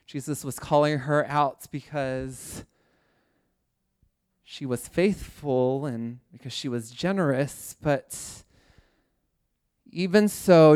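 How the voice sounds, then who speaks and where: A man's voice: a little high, a little mellow, clean tone, no room sound, clean studio sound. A man preaching a sermon, impassioned, building his points through repeated refrains. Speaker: pastor.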